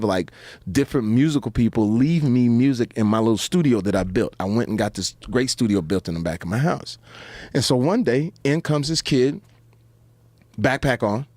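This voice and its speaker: Male talk-show guest, animated storyteller who mimics the people he quotes, dry close recording. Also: dry recording. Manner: acts out quotes in high put-on voices.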